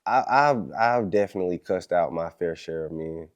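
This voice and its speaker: A man's voice: deep voice, moderate pace, clear, resonant tone, highs cut off. A man hosting a podcast, talking bluntly in slang and backing up his guest. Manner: affirming, blunt, slang-heavy. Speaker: podcast host. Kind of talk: casual podcast chat.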